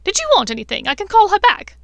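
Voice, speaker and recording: A woman voicing a gloating, unhinged witch aunt with a shrill, sing-song, taunting manner, reading a fan-fiction audiobook. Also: sing-song, quick pace, gravelly, a bit bright, no room sound, heavily acted. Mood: shrill mocking.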